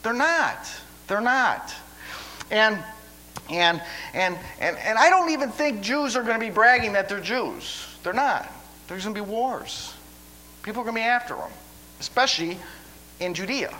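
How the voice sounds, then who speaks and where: A man delivering a sermon in a high, bright voice. He talks in a folksy, rambling way, repeating words as he restarts his sentences. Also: expressive, normal speed, poor audio. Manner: stammering restarts, folksy asides. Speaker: preacher.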